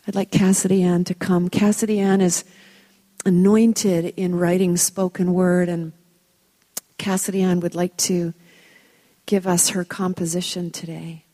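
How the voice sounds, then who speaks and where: A woman teaching a Bible study, retelling the story in an expressive, reflective way. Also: on the low side, measured pace.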